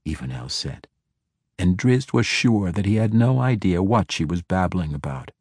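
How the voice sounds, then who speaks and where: A man reads a fantasy novel aloud in a steady, measured way. His voice sits very low with a husky grain, and he takes his time. The recording is dry and close, with no room sound. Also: no room sound. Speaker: audiobook narrator. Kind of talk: scripted fantasy narration.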